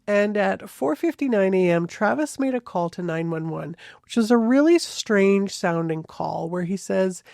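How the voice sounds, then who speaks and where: A podcast host tells a true crime case in a loose, chatty way, often hedging and backing up mid-sentence. The voice has a gravelly, fry-heavy texture. The recording is dry and close, with no room sound. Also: mid-range voice, animated, measured pace, few pauses, darkish tone, dry recording. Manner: conversational, hedging, frequent restarts. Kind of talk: casual true crime narration.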